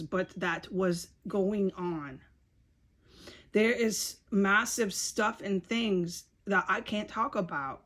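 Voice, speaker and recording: A woman giving a rambling, frustrated video monologue, repeating herself and swearing often. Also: medium pitch. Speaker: video blogger.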